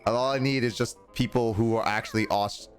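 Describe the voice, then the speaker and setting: With faint music underneath, a young man streams a game and talks casually, rambling, reading messages from viewers aloud, and laughing frequently. His medium-pitched voice is brisk and fairly even in intonation.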